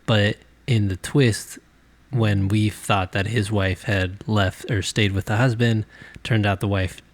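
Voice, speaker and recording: A man's voice: fairly low pitch, fairly even intonation, measured pace, no echo. A man co-hosting a podcast, laid-back and laughing in casual chat. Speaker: podcast co-host.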